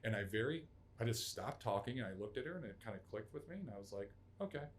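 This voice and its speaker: A man's voice: lowish voice, expressive, quick pace, slight background noise. A man in his thirties, a podcast guest, telling an emotional story in a raw, profane way and acting out quotes. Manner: raw, profane, acts out quotes in loud outbursts. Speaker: podcast guest, Army veteran.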